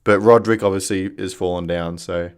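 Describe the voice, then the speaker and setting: A man's voice: low voice, steady tone, fairly quick, clean tone. A man co-hosting a casual live football chat, wry and analytical, thinking aloud with restarts. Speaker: podcast co-host.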